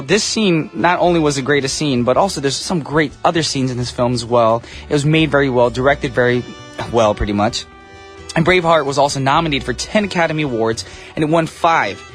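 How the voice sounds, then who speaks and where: A man's voice: medium pitch, a bit bright. A male radio DJ hosting a show from the studio in casual, upbeat, slightly goofy patter. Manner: upbeat, chatty, a little goofy. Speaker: radio DJ host.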